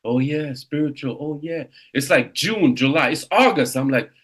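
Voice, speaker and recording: A man in his fifties, a real estate coach, leading a motivational coaching session with an animated, exclamatory delivery. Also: a little high, normal speed. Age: 50s. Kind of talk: coaching seminar.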